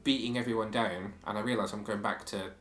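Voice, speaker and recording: A man's voice: fairly low pitch, fairly even intonation, fairly quick, a bit bright, echoey room. A man co-hosting a podcast in casual chat, sharing strong opinions and reading quotes aloud. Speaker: podcast co-host.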